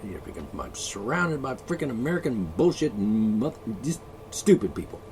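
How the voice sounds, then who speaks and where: A man's voice: medium pitch, sing-song, normal speed, darkish tone, slight background noise. A man vlogging an angry solo rant, profane, sarcastic and mocking.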